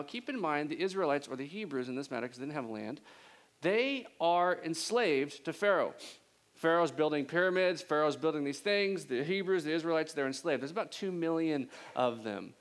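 A man preaching a sermon in a casual, animated storytelling way. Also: fairly high pitch.

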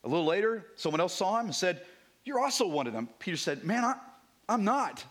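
A man preaching a sermon as a visiting pastor, animated and conversational, sometimes dropping to a hushed near-whisper for emphasis. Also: high-pitched, fast talker. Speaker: guest preacher.

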